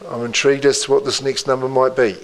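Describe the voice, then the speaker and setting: A man working as an auctioneer, calling bids in a rhythmic patter, repeating the figures with quick asides to the room. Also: mid-range voice, flat delivery, low-quality recording.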